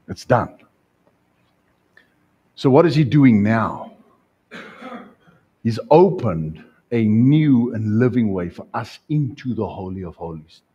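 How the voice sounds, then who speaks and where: A pastor preaches animatedly in church, questioning the congregation and acting out scenes. His mid-range voice is husky, and the recording sounds muffled.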